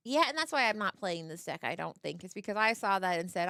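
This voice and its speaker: A woman's voice: lowish voice, expressive, fairly quick, few pauses, fairly bright tone, clean tone, no room sound. A woman giving casual, chatty commentary on a card game match, often laughing and voicing what the players might be thinking.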